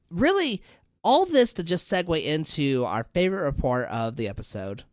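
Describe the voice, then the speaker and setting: Man, 30s, podcast guest, animated and expressive, dry close sound. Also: fairly high pitch, moderate pace, no room sound. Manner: animated storytelling, swears freely. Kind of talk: casual podcast chat.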